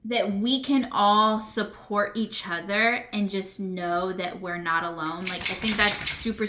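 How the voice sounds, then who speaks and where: A woman's voice: medium pitch, sharp tone, echoey room. A woman vlogging emotionally, teary and earnest, rambling with lots of fillers as she talks to her viewers. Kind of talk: emotional personal vlog. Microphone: camera mic.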